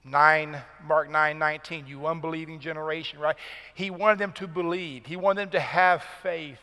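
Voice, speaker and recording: Bright-voiced preaching man. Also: on the high side, fairly even intonation, moderate pace, long reverb tail. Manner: emphatic preaching, rising for key points. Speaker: pastor. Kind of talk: sermon. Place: church sanctuary.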